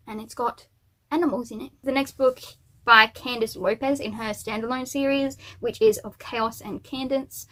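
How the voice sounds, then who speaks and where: A woman's voice: a little high, a bit bright. A woman book vlogger chatting casually and cheerfully about the books she plans to read, with little asides and fillers. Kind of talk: casual chat.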